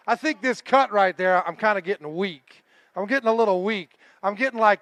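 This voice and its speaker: A man's voice: high voice, fairly quick, a bit bright, no room sound. A man emceeing a fishing tournament weigh-in live, chatting and joking with the anglers and crew. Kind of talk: live event emceeing with casual banter.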